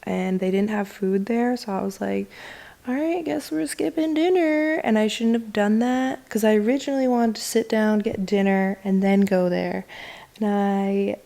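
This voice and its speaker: A woman's voice: level tone, moderate pace, gravelly, dark tone. A young adult woman telling a story in a casual vlog, chatty and profane, acting out quoted lines. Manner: chatty, swears a lot, acts out quotes in a higher voice. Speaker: vlogger.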